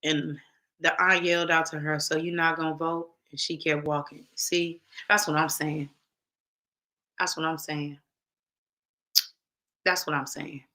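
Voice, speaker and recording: A woman's voice: low voice, steady tone, unhurried, long pauses, sharp tone. A woman hosting a casual talk show, speaking emphatically straight to her viewers and repeating phrases for weight. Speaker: show host.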